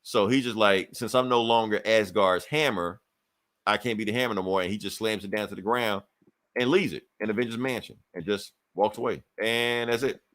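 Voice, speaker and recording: A man's voice: lowish voice, normal speed. Man casually recapping a comic. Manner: animated storytelling, acting out characters' lines, profane. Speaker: podcast co-host.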